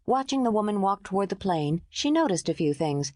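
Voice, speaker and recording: A woman narrating an audiobook in smooth, expressive storytelling. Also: mid-range voice, a little fast, no echo, clean studio sound.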